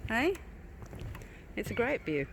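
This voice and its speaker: A woman's voice: fairly high pitch, sing-song, takes it slowly, a crowd in the background, rough recording. An Australian woman co-hosting a walking vlog, chatting and explaining local history in a matter-of-fact way outdoors. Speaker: vlog co-host and walk guide. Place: outdoors on a creekside park trail. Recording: outdoor recording with clear background noise.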